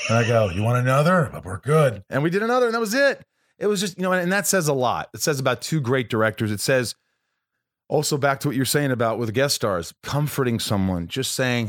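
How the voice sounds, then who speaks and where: A man with a somewhat low voice, recorded close and dry with no room echo. He chats casually and tells a story, acting out the people he quotes. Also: lively intonation, a little fast. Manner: chatty, acts out quoted voices. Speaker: actor, podcast co-host. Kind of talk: casual conversation.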